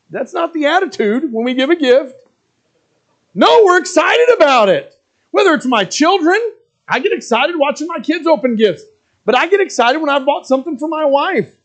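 A middle-aged male pastor preaching a sermon, earnest and plain, who slips into mocking asides as he quotes reluctant givers. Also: extremely high pitch.

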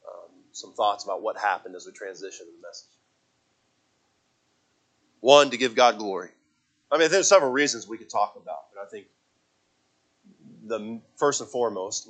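A man preaching as a youth pastor, earnest and halting, often restarting and repeating words before building to emphatic appeals. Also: on the low side, fairly bright tone. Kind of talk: sermon.

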